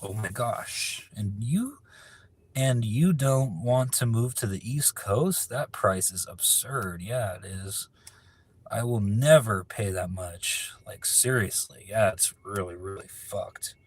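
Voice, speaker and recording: Male streamer from California, low husky voice, loose and profane, reads chat aloud and riffs on it. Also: slow. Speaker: livestreamer answering viewer chat. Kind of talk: casual live-stream chat.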